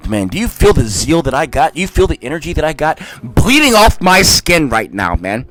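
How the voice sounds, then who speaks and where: A man reading scripture in a low, dramatic voice and breaking into fiery, shouted commentary, calling listeners "man". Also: wildly swooping pitch, moderate pace, dry recording, faint music behind. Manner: peppers speech with "man". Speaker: Bible reader and preacher.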